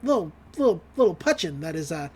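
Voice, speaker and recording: A woman's voice: fairly low pitch, big pitch swings, fast talker, a little mellow, breathy edge. A woman podcast host giving a casual, chatty recap of a cartoon episode and acting out the lines as she goes. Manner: chatty, full of fillers, acts out quotes.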